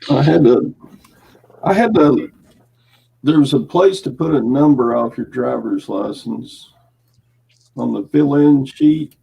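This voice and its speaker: A man's voice: mid-range voice, slow, vocal fry, long pauses, slightly rough, highs cut off. A man co-hosting a casual morning show, telling stories with wry, dry humor. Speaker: co-host.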